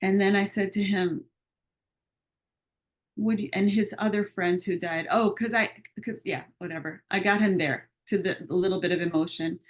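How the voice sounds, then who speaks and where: A woman's voice: mid-range voice, moderate pace. Woman coach telling a story. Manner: lively storyteller who acts out quoted dialogue. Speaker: coach and retreat leader. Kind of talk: casual conversational storytelling.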